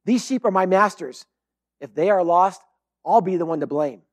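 A man's voice: high-pitched, moderate pace. A male preacher voicing a dutiful young shepherd who refuses firmly and steadily.

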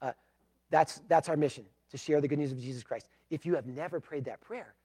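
A pastor preaching a sermon, emphatic, moving between loud declarations and hushed, pleading passages. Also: male voice, on the high side, fairly quick, husky.

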